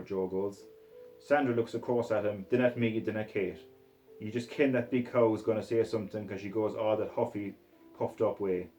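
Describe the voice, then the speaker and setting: A man's voice: fairly low pitch, fairly even intonation, fairly quick, mellow, faint music behind, rough recording. A man with a Scottish accent reading a gritty novel aloud in a coarse, swearing first-person voice. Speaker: reader.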